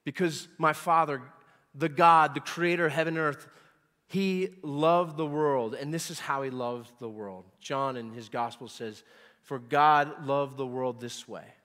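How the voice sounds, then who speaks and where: A man's voice: medium pitch, a little slow, in a large hall. Emphatic man in his forties preaching. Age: 40s. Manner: emphatic preacher, repeating words and swelling loud on key points. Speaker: pastor. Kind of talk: sermon.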